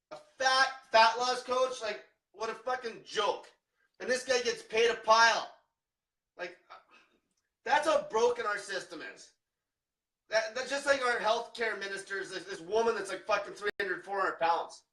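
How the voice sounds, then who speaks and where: A man's voice: high-pitched, bright, forceful tone, recorded from a distance. A man in a profane livestream rant as a diet coach, brash and combative, swearing constantly. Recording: echoey room, away from mic.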